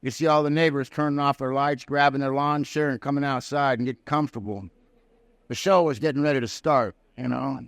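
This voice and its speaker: Man, recovery speaker. Plain-spoken, folksy storyteller with a smooth, resonant voice. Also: mid-range voice, steady tone, brisk, a bit bright, dry recording. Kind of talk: personal recovery story told to a live audience. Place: prison hall.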